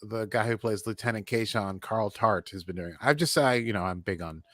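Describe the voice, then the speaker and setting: A man's voice: lowish voice, moderate pace, fairly bright tone, no room sound. A man co-hosting a casual show recap, rambling with many fillers and chuckles. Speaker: podcast co-host.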